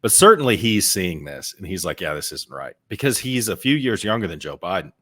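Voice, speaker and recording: A man's voice: on the low side, very animated, fairly quick, a bit bright. A man co-hosting a podcast in casual chat, telling stories and often repeating words while he finds his thought. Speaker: podcast co-host.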